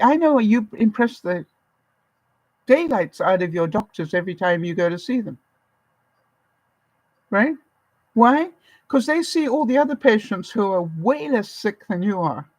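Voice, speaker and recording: A woman from Canada talks straight to her viewers in a live stream, encouraging them like a caring mother figure. Her voice sits at a middle pitch and is recorded close and dry, with no room sound. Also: dry recording, low-quality recording. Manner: warm, encouraging, motherly pep talk. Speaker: vlogger host.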